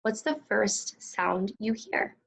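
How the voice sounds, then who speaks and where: A woman teacher guides young children through a phonics lesson at a slow, careful pace. Her voice carries a touch of vocal fry, and she patiently sounds out each word. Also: medium pitch, expressive, low-quality recording. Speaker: second grade teacher.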